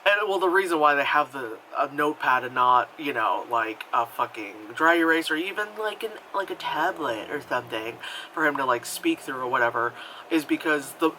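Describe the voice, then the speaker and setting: A man's voice: animated, moderate pace, sharp tone, a little hiss or hum, rough recording. A man giving a casual, digressive movie review, sarcastic and swearing, with lots of fillers and restarts. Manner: mocks characters in high put-on voices.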